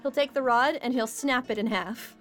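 A woman narrating as game master of a tabletop game, animated and laughing often. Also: fairly high pitch, normal speed, faint music behind.

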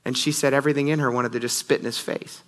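Bright-voiced man preaching a sermon. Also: medium pitch, steady tone, fast talker. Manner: earnest storytelling, often says "you guys". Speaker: pastor.

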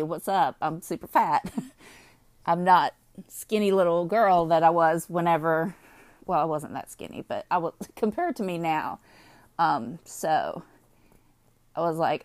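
Young woman, high, rambly, laughs a lot, swears, kinda low voice, dry close sound. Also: no echo. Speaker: vlogger. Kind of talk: casual confessional chat.

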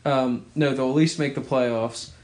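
An easygoing man co-hosting a casual sports podcast, relaxed as he trades predictions. His voice is mid-pitched and plain. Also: measured pace. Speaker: podcast co-host.

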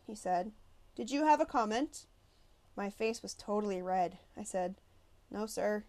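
A woman reading a novel aloud as first-person narration, with a lively storytelling delivery. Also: mid-range voice. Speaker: audiobook reader.

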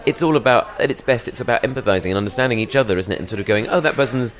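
A man's voice: lowish voice, rapid-fire. A young British man, a touring stand-up comedian, chatting in a rambling, self-deprecating way in a podcast interview. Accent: British English. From England.

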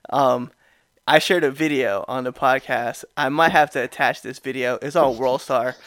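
A man hosting a podcast, telling a story in a casual, animated way with frequent laughs and restarts. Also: mid-range voice, moderate pace, dry recording, clean studio sound. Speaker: podcast host.

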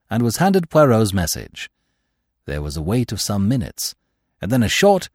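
A man narrating a classic mystery as an audiobook, expressive and voicing each character. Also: on the low side, no room sound, clean studio sound.

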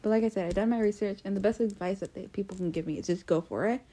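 A woman's voice: mid-range voice, fast talker, dark tone. A young American woman hosting a casual solo podcast, chatty and self-deprecating, full of fillers and restarts. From United States. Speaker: podcast host.

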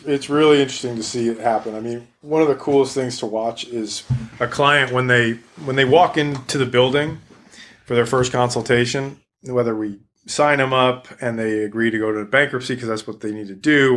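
Mid-pitched man, thoughtful and explanatory, casual panel talk. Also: fairly even intonation, moderate pace, fairly bright tone. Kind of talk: casual chat.

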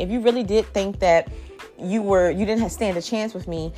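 A woman's voice: mid-range voice, normal speed, faint music behind. A woman in her thirties ranting casually to camera, blunt and exasperated, swearing freely. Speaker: vlogger.

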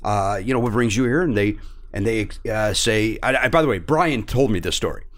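Lively storytelling man, faint Chicago accent. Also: fairly low pitch, normal speed. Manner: chatty storyteller, slips into comic voices. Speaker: podcast guest. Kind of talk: casual chat.

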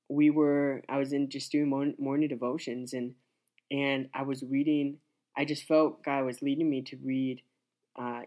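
A young man shares a personal faith story as a guest in a casual interview. His pitch sits in a middle range, and he talks in an earnest, halting way full of restarts and fillers. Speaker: youth pastor, interview guest.

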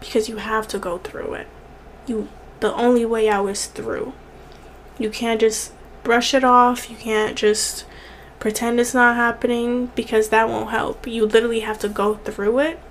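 Young woman, vlogger, earnest and tearful at times, repeats for emphasis, slightly high pitch, faint hiss. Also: little pitch movement, measured pace. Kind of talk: heartfelt direct-to-camera encouragement.

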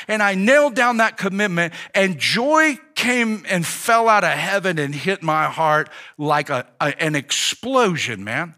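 A pastor with a high, bright, forceful voice preaches by telling his own story, earnest and halting with many restarts and fillers. He acts out dialogue between God and himself.

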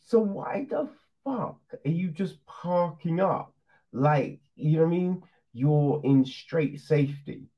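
A man with a fairly high, lively voice speaks slowly while casually reviewing a film on his channel. He laughs, swears and tosses in plenty of rhetorical asides, all on a dull lo-fi recording.

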